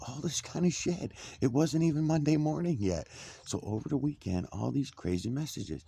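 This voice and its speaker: A middle-aged man casually telling a personal story, swearing a lot and getting animated. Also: medium pitch, moderate pace, gravelly, breathy edge. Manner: profane, animated, indignant.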